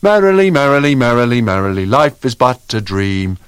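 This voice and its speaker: A man voicing a boisterous, theatrical male adventurer who talks loudly and in a bouncy sing-song way. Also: mid-range voice, sing-song, normal speed, no room sound, studio quality, voice pushed up, natural voice. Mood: cheery, loud. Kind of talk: audiobook character voice.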